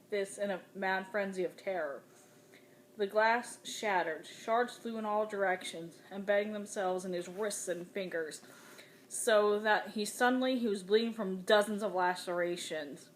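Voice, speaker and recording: A woman reading a novel aloud in the first person with dramatic, expressive delivery. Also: mid-range voice, slight background noise. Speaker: audiobook reader.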